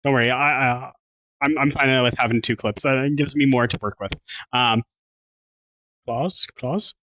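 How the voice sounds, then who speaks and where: A man's voice: medium pitch, steady tone, normal speed, pushed and bright. A man from Southern Pennsylvania chatting casually on a livestream at home. He restarts his sentences, swears casually and thanks his viewers.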